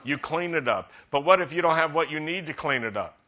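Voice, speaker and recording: A man preaching a sermon to a congregation in a conversational, practical way, rising to animated emphasis. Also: on the high side, brisk. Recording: dull lo-fi sound.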